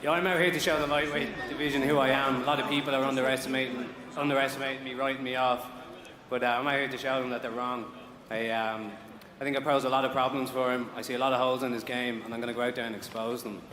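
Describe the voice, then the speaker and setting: Male boxer, quick, combative, mid-pitched, roomy hall. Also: flat delivery, pushed and bright. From Ireland. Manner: firm, combative. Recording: echoey hall.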